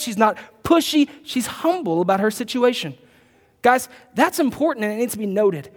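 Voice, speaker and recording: A man preaching a sermon, emphatic, repeating his key points and slowing down to read scripture aloud. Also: high-pitched. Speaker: pastor. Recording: long hall reverb.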